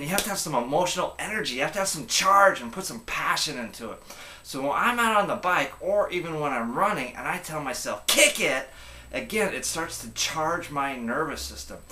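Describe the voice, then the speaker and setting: A man's voice: medium pitch, sharp tone, reverberant. A man coaching viewers in a motivational tip video, speaking emphatically and repeating key phrases.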